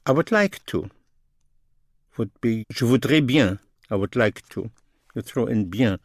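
Slow man drilling phrases. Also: medium pitch, animated, no room sound, studio quality. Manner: slow, repeats each phrase and explains grammar. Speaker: French teacher. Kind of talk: language lesson, phrase by phrase.

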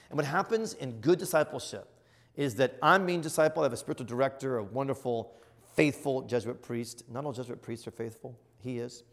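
A middle-aged man preaches with earnest, emphatic conviction, his voice sitting at an ordinary male pitch. His words ring out with a long reverb trailing behind them, as in a large church hall. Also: a little fast. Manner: earnest and emphatic, surging to loud exclamations. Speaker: bishop. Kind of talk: sermon-style teaching.

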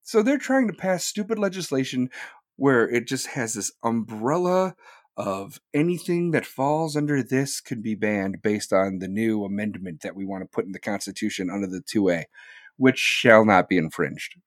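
Brief: male podcast host on a live rant, swears freely, swings his pitch wildly, dry close sound. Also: lively intonation, normal speed, dry recording. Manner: profane, heated, rhetorical questions.

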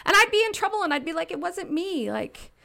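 A woman in her thirties telling stories as a podcast guest, animated and often laughing, acting out the voices of the people in them. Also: extremely high pitch, a little fast, vocal fry. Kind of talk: casual storytelling. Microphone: podcast studio mic.

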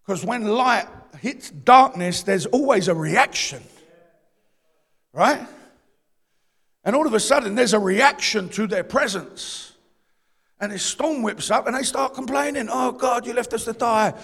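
A male preacher from East London with a London English accent gives a sermon in a high, gravelly voice. He's animated and impassioned yet unhurried, pausing often and swinging from shouts to low, confiding talk in down-to-earth street slang, all under the long reverb of a large hall.

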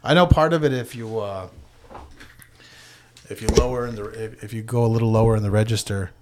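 A man's voice: on the low side, fairly quick, noisy background. A man with a Mohawk English accent chatting casually as a podcast co-host, laid-back and laughing often, with plenty of swearing. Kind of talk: casual chat.

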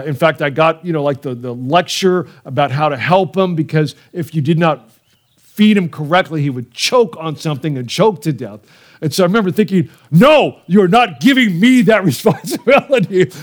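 A middle-aged male pastor delivers a sermon in a somewhat high voice. He speaks with earnest feeling, telling a personal story and repeating short phrases for emphasis.

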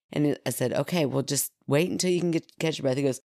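A woman's voice: low-pitched, quick pace, no echo, studio quality. A woman in her thirties co-hosting a podcast, chatting casually and telling family stories with frequent laughter. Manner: animated storyteller, laughs often. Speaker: podcast co-host. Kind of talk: casual chat.

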